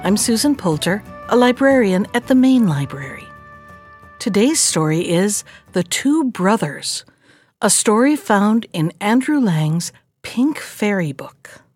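A woman librarian reading a folktale aloud in an expressive, animated storytelling manner. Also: mid-range voice, a little slow, soft background music.

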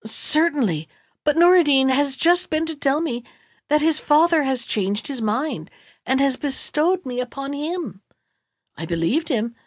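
A woman reading the part of a gentle, devoted young woman who speaks politely. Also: high-pitched, dry recording, clean studio sound, voice pushed up. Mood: earnest.

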